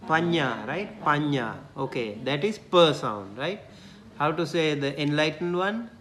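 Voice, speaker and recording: A man's voice: a little high, expressive, a little slow, fairly bright tone. A man teaching a classroom language lesson, patiently repeating syllables for his students.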